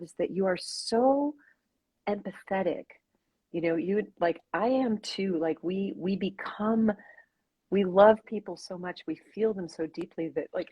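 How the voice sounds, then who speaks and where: Husky-voiced woman hosting a live chat. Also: on the low side, darkish tone, dry recording, poor audio. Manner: effusive, gushing, loose and rambling. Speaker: host. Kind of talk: casual live-stream chat.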